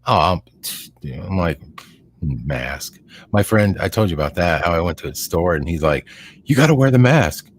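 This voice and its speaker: A middle-aged man co-hosting a casual podcast chat, talking in a rambling, animated way with lots of fillers. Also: low voice, normal speed, slight background noise. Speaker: podcast co-host.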